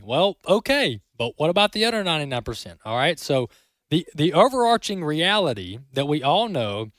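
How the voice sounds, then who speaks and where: A man's voice: a little high, very animated, moderate pace, a bit bright, no room sound. Emphatic male commentary host, dry sound. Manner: emphatic, repeats words, tags with "all right?". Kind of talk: opinion commentary.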